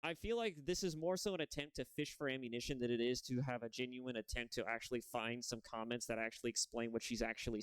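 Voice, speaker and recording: A man's voice: mid-range voice, clear, resonant tone, no echo. A man hosting a reaction video, talking in a rambling way full of restarts and self-corrections. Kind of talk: casual video commentary.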